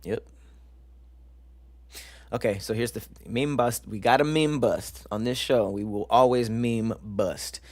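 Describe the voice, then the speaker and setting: A man's voice: mid-range voice, measured pace, pauses often, no echo. A man hosting a casual live stream, joking with chat and stumbling over long science words as he reads them aloud. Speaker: livestream show host.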